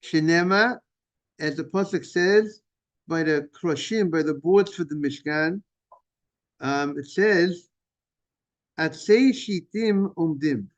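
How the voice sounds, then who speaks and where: A man teaching a Talmud class in a casual, halting way, repeating words and restarting sentences while greeting students. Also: fairly high pitch, dull audio. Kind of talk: informal Talmud lesson.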